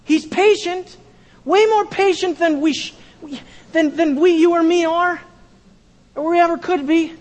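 A pastor preaching a sermon, repeating key phrases and swinging from loud emphasis to a hushed tone. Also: male voice, very high voice, steady tone, unhurried, long reverb tail.

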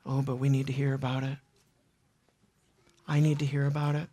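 A preacher delivering a sermon in an earnest, emotional way, repeating phrases and swinging between loud and hushed. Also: mid-range voice, completely flat delivery, normal speed.

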